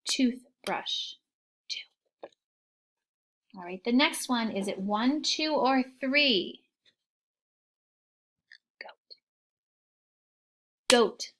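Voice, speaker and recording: Woman teacher doing phonics w little kids, slow sing-songy, crisp bright voice, kinda high. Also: expressive. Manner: slow, encouraging, sing-song, with soft whispered asides. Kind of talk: phonics lesson for young children.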